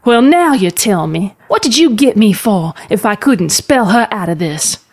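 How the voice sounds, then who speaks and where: A woman's voice: mid-range voice, lively intonation, moderate pace, dry recording, voice pushed up. Woman reader doing a witch mother, tart, dry, anxious, storybook voice. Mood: urgent.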